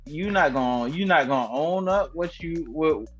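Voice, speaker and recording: A young man on a podcast chimes in with laid-back, slangy commentary. His voice sits a little higher than most men's. Faint music plays underneath. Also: expressive, moderate pace. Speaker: podcast co-host. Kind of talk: casual chat.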